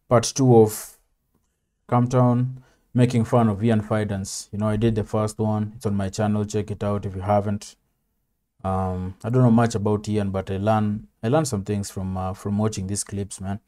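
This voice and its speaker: A man's voice: lowish voice, dark tone. A man hosting a reaction video, talking in a laid-back, rambling way with plenty of fillers. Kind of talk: casual reaction commentary.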